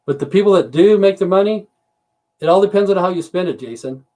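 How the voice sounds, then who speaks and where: Over a computer mic on his home livestream, a US host in his fifties or sixties chats to viewers in a blunt, rambling, profanity-laced rant. His voice sits high and a little mellow, with lively intonation and a fairly quick pace.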